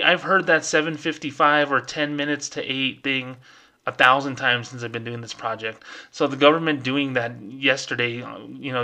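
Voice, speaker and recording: A man hosting his own podcast, ranting in a casual, fired-up way and slipping into quick mocking voices. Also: mid-range voice, pushed and bright. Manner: fired-up, ranting, mimics people in quick asides. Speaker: podcast host.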